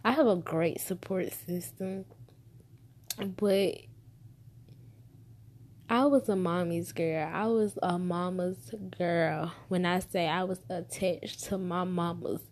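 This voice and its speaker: A woman's voice: on the low side, slow pace, long pauses, a little mellow. A woman in her twenties telling a personal story to the camera, heartfelt and emotional, repeating herself as she holds back tears. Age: 20s.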